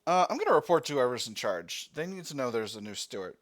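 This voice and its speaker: A man's voice: medium pitch, sing-song, fast. A man reading a text adventure game aloud as its player, breaking off into rambling, self-correcting asides.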